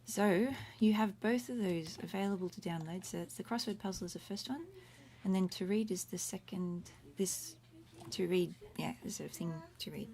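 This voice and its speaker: A middle-aged woman gives a relaxed Latin lesson on a home livestream, stopping often to gloss words and chat along the way. Her voice sits mid-range with a gravelly edge. Faint room noise hums behind her. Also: medium pitch, normal speed, hardly any pauses. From Australia. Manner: chatty, self-interrupting, explains words one by one. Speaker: Latin teacher.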